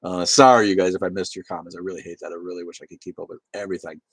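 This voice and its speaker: A man's voice: sits low, little pitch movement, very fast, no echo. A man hosting a livestream, rambling and swearing as he reads chat comments and laughs along. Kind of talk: casual profane livestream chat.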